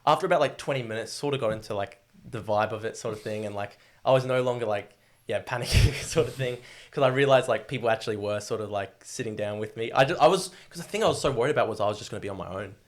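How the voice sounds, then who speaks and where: A man's voice: on the low side, quick pace. A young Australian man in his twenties, a guest telling his story in a rambling, casual way full of fillers and swearing.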